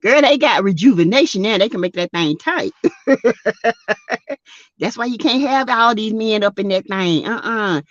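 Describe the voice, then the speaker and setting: Speaking at normal speed in an animated, medium-pitched voice, this Southern American woman reads out chat comments during her laid-back livestream and laughs a lot. The recording is dry and the audio dull.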